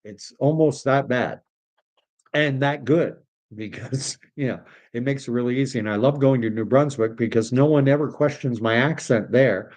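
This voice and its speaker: A man's voice: medium pitch, normal speed, darkish tone. A man from Canada hosting a casual livestream, reading viewer comments aloud and rambling between topics, dropping in French phrases as he goes. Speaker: livestream host reading chat.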